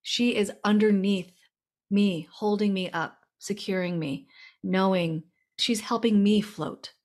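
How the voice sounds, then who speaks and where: A woman's voice: medium pitch, takes it slowly, darkish tone. A woman hosting a podcast interview and telling a personal story in an earnest, emotional way. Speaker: podcast host and medium. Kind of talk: casual interview chat.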